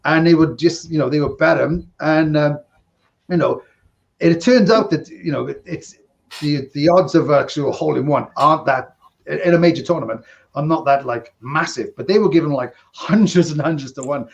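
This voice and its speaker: A man in his fifties tells rambling podcast stories from behind a casino table. He laughs often and plays out the dialogue himself. His voice sits a bit high, and the recording sounds dull and lo-fi. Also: normal speed, vocal fry. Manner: rambling, chuckling, acts out quoted dialogue. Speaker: podcast host, casino dealer. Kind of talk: casual storytelling.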